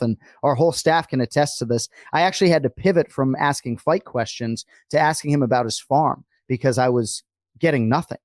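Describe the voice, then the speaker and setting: A man co-hosting a podcast, talking casually and energetically, with quick asides. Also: medium pitch, no room sound, studio quality. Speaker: podcast co-host. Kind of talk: casual chat.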